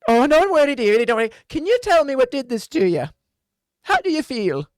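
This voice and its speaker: A man's voice: very high-pitched, big pitch swings, no room sound, clean studio sound, pitched above the performer's own voice. Man putting on a bossy dwarf cleric lady. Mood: brisk. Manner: brisk, motherly, threatening.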